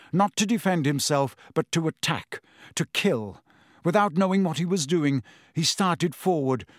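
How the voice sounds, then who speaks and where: Man, audiobook narrator, fairly high voice, dry close sound, measured and dramatic. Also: no room sound. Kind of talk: scripted narration.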